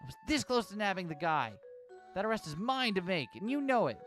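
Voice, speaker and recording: A man doing a hot-headed cop trapped in a cat costume, loud and whiny in a game reading. The voice sits high and swoops about with lively pitch, while faint music plays underneath. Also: fairly quick. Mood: indignant. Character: riled-up male cop stuck in a cat suit.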